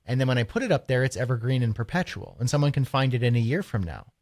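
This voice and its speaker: Animated Canadian man, casual co-host. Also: medium pitch, quick pace. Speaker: podcast co-host. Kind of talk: casual chat.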